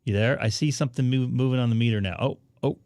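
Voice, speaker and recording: A man hosting a casual live stream about amateur radio, chatting to viewers while he troubleshoots his setup out loud. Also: mid-range voice, fast talker, no room sound, studio quality.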